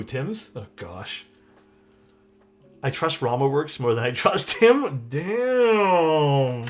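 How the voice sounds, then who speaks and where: A man's voice: medium pitch, creaky, a bit bright. A young man chatting loosely with viewers while building a keyboard on a live stream, rambling and swearing casually.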